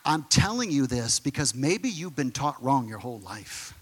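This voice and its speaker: Bright-voiced man preaching a sermon. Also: mid-range voice, moderate pace, breathy edge, long reverb tail. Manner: emphatic preaching, swinging from excited bursts to hushed lines. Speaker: pastor.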